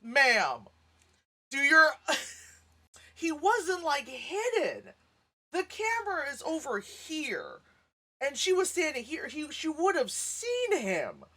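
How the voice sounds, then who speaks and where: Animated woman reacting to a movie. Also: high voice, slow pace. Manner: animated, laughs often, acts out sounds and lines; frank, swears casually. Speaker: movie reviewer. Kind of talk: casual movie reaction commentary.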